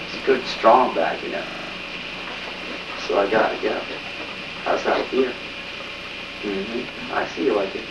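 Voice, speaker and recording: A man playing a suave, seductive smooth-talker in an amateur home-video skit with lo-fi, echoey sound. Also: on the low side, far from the mic, very noisy, lightly acted. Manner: slow, suave, seductive drawl. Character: smooth-talking man flirting with a bag.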